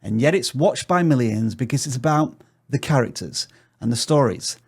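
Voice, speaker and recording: A man hosts a scripted tutorial, giving direct tips on growing a channel. His voice sits at an ordinary pitch but swings up and down with lots of life. He stays upbeat and drops in the odd joke. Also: animated, normal speed, husky. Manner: upbeat, joking, direct advice. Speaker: YouTube growth tutorial host.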